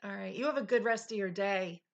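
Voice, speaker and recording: This recording has its highs cut off, and the woman's mid-range voice is creaky and fairly quick. As a middle-aged livestream host, she chats casually and openly with viewers, laughing frequently while recovering on low energy.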